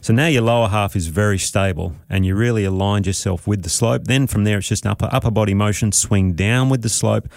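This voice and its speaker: An Australian man co-hosting a golf podcast, relaxed and explanatory, laughing often as he talks through a shot. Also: lowish voice, a little fast, vocal fry, hardly any pauses, no room sound, clean studio sound. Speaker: golf pro co-host. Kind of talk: casual podcast chat and golf coaching. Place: studio.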